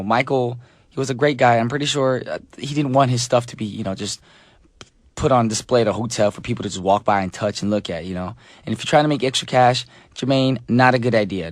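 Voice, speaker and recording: A hoarse man hosts a radio show in loose, chatty talk, joking with listeners between songs. His voice sits in the middle range for a man. The studio sound is close and dry. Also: mid-range voice, dry recording. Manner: chatty, joking, many fillers. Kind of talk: casual radio chat.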